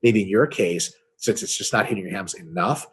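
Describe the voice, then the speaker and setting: Co-hosting a casual webinar, a man answers fitness training questions in a blunt, profane, explanatory way. His voice is fairly low, a little fast, with a breathy edge.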